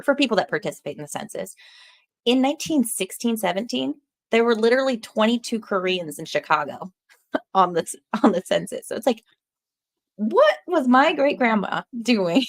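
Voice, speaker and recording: Podcast host: animated woman, quick to laugh, casual chat. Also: mid-range voice, creaky. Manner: animated, laughs often, talks with her hands.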